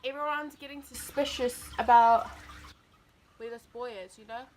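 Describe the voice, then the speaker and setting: A woman's voice: a little high, steady tone, normal speed, a little mellow. A young woman, chatting through a long story while eating for a mukbang vlog. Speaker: vlogger.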